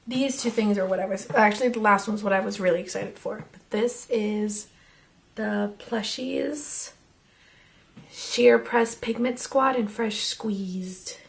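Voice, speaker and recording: Excitable young woman, gravelly voice. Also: mid-range voice, slow pace. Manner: chatty and excitable, drops to whispers. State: losing her voice. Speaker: beauty vlogger. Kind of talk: casual makeup swatch review.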